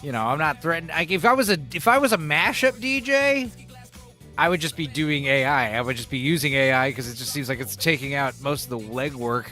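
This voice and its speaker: A man's voice: fairly high pitch, expressive, brisk, pushed and bright, soft background music. A man hosting a podcast in loose casual chat, joking and rambling with plenty of fillers. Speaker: podcast host.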